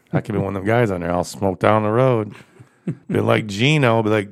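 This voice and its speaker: A man with a low, gravelly voice tells stories among friends. He talks crudely and profanely, laughs often and gets animated. It is relaxed, casual chat. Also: a little fast.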